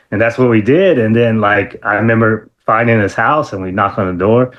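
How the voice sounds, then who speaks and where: A man guest in an interview, telling stories in a casual, lively way, laughing often and full of fillers and restarts. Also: fairly quick, hardly any pauses, muffled recording. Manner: animated, acts out quotes in a high excited voice. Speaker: interview guest, former wrestler.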